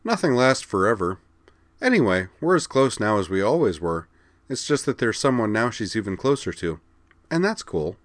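A man's voice: on the low side, very animated, normal speed, dry recording, voice pushed up. A man voicing a casual, easygoing teenage girl duelist who talks bluntly and teases a little, in a read-aloud story. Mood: breezy. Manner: casual, offhand, quietly teasing. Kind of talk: audiobook character reading.

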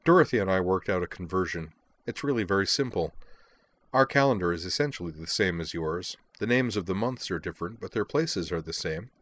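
A man voicing a skeptical seventeen-year-old girl who speaks flatly, in a storybook reading. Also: deep voice, a little fast. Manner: flat, dryly amused.

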